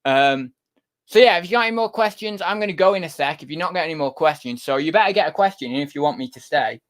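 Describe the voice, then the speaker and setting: A man's voice: on the high side, lively intonation, quick pace. A young British man hosting a casual livestream, rambling to viewers in the chat. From United Kingdom. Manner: rambling, talks to viewers and to his cat. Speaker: livestream host, online reseller.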